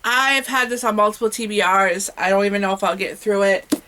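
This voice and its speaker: A woman's voice: mid-range voice, fairly quick, bright, forceful tone, slight background noise, poor audio. A woman talking casually and eagerly about her reading list in a home vlog, with frequent fillers and self-corrections. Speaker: booktuber.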